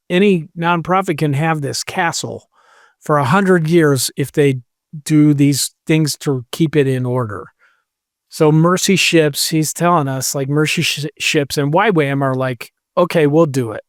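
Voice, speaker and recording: Man in his podcast chair telling a rambling story, voice a bit high, dry booth sound. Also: dry recording. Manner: rambling, quotes people with "he's like". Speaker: podcast co-host. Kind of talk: casual storytelling chat.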